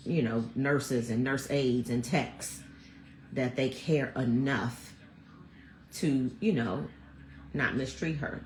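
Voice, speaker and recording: A woman in her fifties, hosting a vlog from home and chatting to viewers in a chatty, animated storytelling way. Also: rumbling low, a little hiss or hum. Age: 50s. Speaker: vlog host. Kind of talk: casual chat to viewers. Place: at home, snowed in. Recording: roomy echo.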